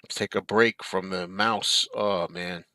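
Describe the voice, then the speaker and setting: A man's voice: low-pitched, fairly even intonation, slow pace, sharp tone, no room sound. A man hosting a live stream from his desk at home. He chats casually and reads out viewer comments, answering them in an easygoing way and chuckling often. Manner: easygoing, chuckling, talks back to chat.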